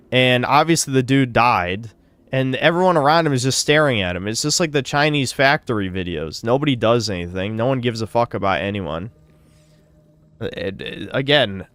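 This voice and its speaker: A man's voice: medium pitch, a bit bright, dry recording. A male streamer reading out donations and riffing in a sardonic, profane way during a live stream.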